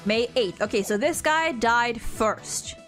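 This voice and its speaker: A German woman streams a courtroom game, her voice sitting a little high as she thinks aloud. She stumbles and restarts, then bursts out when an idea strikes. Soft game music plays behind her. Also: takes it slowly. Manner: thinks aloud, excitable, stumbles over words. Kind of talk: let's-play commentary.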